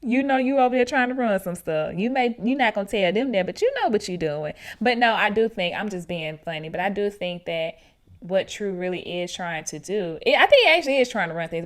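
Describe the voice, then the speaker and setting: A woman hosting a podcast, chatting casually and animatedly with slang and frequent laughs. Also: medium pitch. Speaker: podcast host recapping a reality show. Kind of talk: casual chat.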